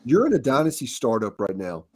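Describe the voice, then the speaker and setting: Man hosting a sports quiz on a call, animated delivery. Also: medium pitch, fairly quick. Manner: lively, animated, laughs often. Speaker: podcast host and quizmaster. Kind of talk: casual fantasy football quiz chat.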